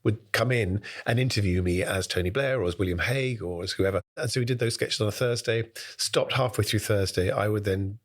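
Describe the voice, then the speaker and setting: A British impressionist, here as a guest, spins stories in a lively back-and-forth interview, launching into voices along the way. He speaks on the low side.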